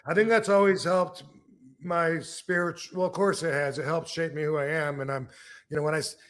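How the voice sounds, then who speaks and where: A man's voice: on the high side, fairly even intonation, a little fast, a bit bright. Chatty middle-aged man telling stories. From Michigan, USA. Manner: rambling, with many restarts and fillers. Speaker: podcast host. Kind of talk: casual storytelling.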